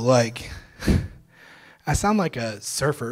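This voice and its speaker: A young man, a pastor, telling his testimony to a church congregation in a casual, slangy way, at times breaking into loud joyful shouts. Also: on the high side, fairly quick. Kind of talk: testimony sermon. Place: church sanctuary.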